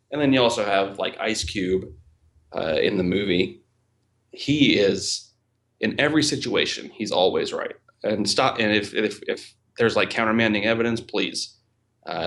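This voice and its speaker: A man's voice: on the low side, expressive, normal speed, vocal fry, fairly bright tone. A man hosting a casual podcast film discussion, thoughtful and hesitant, with many fillers. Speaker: podcast host and film reviewer.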